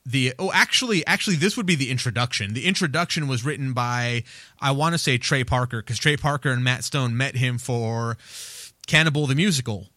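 Bright-voiced, profane podcast host. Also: male voice, medium pitch, brisk, no echo, clean studio sound. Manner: loose, profane, laughs a lot, rambling asides. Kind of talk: casual podcast chat.

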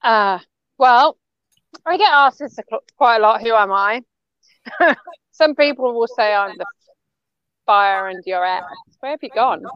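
A woman guest with a fairly high, smooth voice, playful and giggly as she talks about herself. She is recorded dry on a dull, lo-fi mic. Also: lively intonation, unhurried, pauses often, dry recording. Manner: playful, giggly, self-deprecating. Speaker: guest, author and coach. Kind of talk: casual interview.

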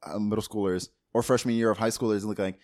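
A man's voice: fairly low pitch, steady tone, rapid-fire, darkish tone. Rambling man in casual film chat. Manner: rambling, heavy on fillers, laughs often. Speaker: podcast co-host.

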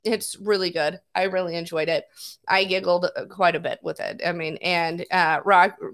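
A woman's voice: lowish voice, steady tone, moderate pace, a bit bright. A woman co-hosting a casual chat show, chatty and giggly. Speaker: co-host.

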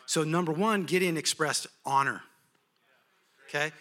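A man preaching a sermon, telling a story in an animated, humorous way. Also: on the high side, measured pace.

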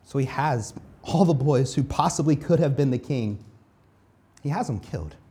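Lively, conversational preacher. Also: mid-range voice, moderate pace. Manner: conversational, self-deprecating, repeats phrases. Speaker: pastor. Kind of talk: sermon.

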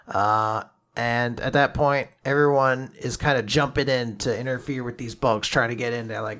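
A man casually recapping a manga chapter as a podcast co-host, excitedly acting out characters' lines and swearing casually. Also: medium pitch, normal speed.

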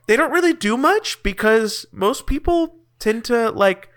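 A man's voice: very high voice, lively intonation, unhurried, a bit bright, exaggerated voice. A man voicing a chatty, boastful older president of a city in the sky in an improvised tabletop game, rambling and hesitant. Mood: friendly. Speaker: game master. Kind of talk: improvised tabletop role-play.

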